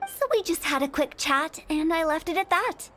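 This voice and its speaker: An impish young funeral director. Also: female voice, very high-pitched, lively intonation, moderate pace, heavy background noise. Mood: playful. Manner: teasing, giggly salesy patter. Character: playful, mischievous young female funeral director. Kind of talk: video game voice acting. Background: game music.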